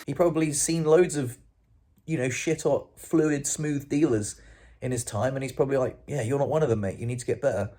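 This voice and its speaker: Expressive man telling a story. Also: medium pitch, fast. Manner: expressive, swears freely, acts out quotes. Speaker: vlogger. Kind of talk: casual storytelling to camera.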